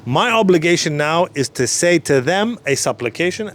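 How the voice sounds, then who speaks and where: Calm and patient, a man with a fairly high voice teaches a short religious lesson, repeating each phrase more slowly so the listener can keep up.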